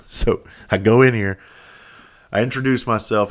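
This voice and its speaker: Speaking a little slowly with long pauses, a middle-aged podcast host uses a lowish, steady voice. His casual storytelling is blunt, full of swearing and restarted sentences.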